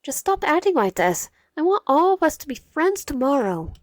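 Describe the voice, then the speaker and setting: A woman's voice: medium pitch, normal speed, no room sound, studio quality, natural voice. A woman voicing a frightened teenage protagonist who pushes back in a raised voice. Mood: alarmed. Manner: alarmed, raised voice.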